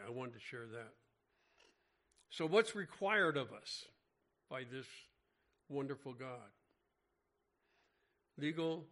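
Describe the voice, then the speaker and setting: A man teaching scripture in a relaxed, conversational sermon. He often restarts his sentences as he explains, and his voice sits at a medium pitch. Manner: conversational, frequent restarts and filler words. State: mentions having an irregular heartbeat. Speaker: Bible teacher. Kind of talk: informal Bible study sermon.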